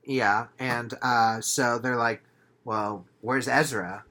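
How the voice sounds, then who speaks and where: A man in a casual movie review chat, recapping the plot in a relaxed way with fillers. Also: mid-range voice, takes it slowly. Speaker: podcast guest.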